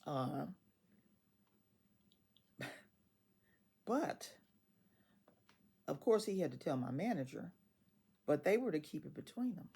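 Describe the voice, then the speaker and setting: A retired woman in her sixties tells a story casually and animatedly, quoting other people's dialogue and often laughing as she talks. Her voice is deep with a breathy edge.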